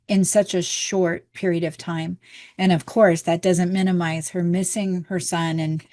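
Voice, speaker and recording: A woman's voice: fairly low pitch, a little mellow. A woman teaching a healing course, telling a personal story in an earnest, candid way and voicing her own past thoughts.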